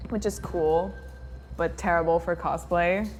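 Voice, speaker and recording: Young woman, low pitch, giggly casual chat, background music. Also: steady tone, a little slow. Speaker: guest cosplayer.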